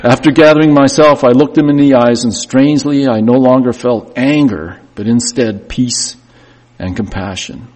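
A man's voice: mid-range voice, a little slow, a little mellow. A man preaching a sermon and telling a hard story in the first person, his voice swelling and dropping with emotion. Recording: long reverb of a church hall.

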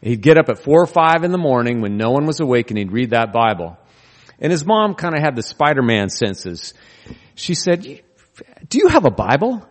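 A man's voice: mid-range voice, expressive, moderate pace. Earnest male pastor preaching in a reverberant hall. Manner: storytelling, earnest with touches of humor. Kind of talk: sermon. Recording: long reverb of a large hall.

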